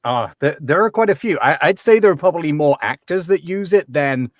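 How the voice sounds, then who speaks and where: A man's voice: fairly high pitch, lively intonation, a little fast, no echo. A man from England with a slightly transatlantic English accent, explaining accents as a guest in a casual chat, wry and full of ums. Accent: English, softened toward transatlantic after years in Canada.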